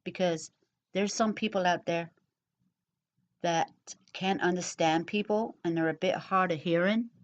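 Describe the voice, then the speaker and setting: Woman, middle-aged, casual vlog chat, slow and rambling, lots of fillers, fairly low voice, muffled lo-fi sound. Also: steady tone. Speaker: YouTuber answering comments.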